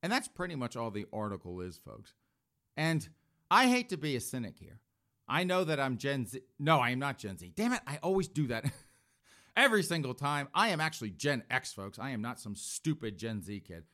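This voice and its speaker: A man's voice: mid-range voice, very animated, moderate pace, fairly bright tone. A man in his fifties giving sarcastic, opinionated news commentary, often addressing his audience as folks. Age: 50s. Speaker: political commentator.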